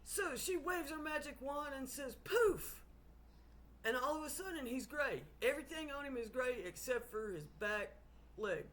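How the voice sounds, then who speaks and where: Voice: high-pitched, expressive, moderate pace, hardly any pauses, fairly bright tone. A person telling a long joke in a storytelling manner, acting out characters along the way. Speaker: joke teller.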